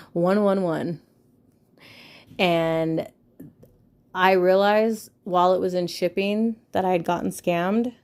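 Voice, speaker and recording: A woman's voice: fairly low pitch, a little mellow. Profane, rambling woman podcast host. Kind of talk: casual venting chat.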